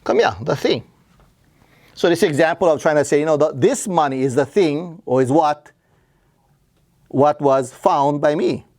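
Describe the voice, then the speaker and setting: A man's voice: on the high side, a little slow, long pauses, a little mellow, dry recording, studio quality. A man teaching a grammar lesson, explaining patiently and asking and answering his own questions. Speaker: Hawaiian language teacher.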